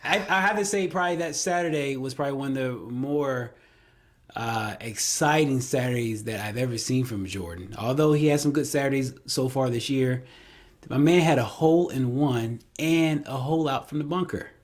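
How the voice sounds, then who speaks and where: A man co-hosting a golf talk show, chatting casually and excitably, often repeating himself. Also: mid-range voice, moderate pace. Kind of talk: casual sports chat.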